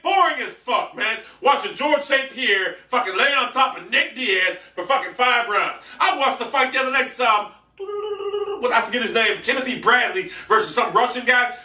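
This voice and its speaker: A man ranting brashly and profanely in a monologue vlog, boasting loudly. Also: extremely high pitch, recorded from a distance. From United States. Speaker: vlogger. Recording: echoey room, off-mic.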